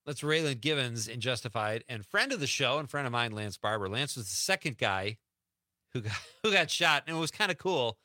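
A man's voice: medium pitch, lively intonation, a little fast, sharp tone, no room sound. A man hosting a radio show in a studio, chatting loosely with plenty of fillers. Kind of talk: casual radio talk. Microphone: studio mic.

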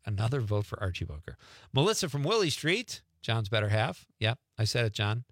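A middle-aged man hosts a casual call-in radio show, reading listener texts with playful asides and chuckles at a fairly quick pace. He's animated, swinging between jokey remarks and low murmurs. The recording is dry and studio quality, captured on a studio radio mic.

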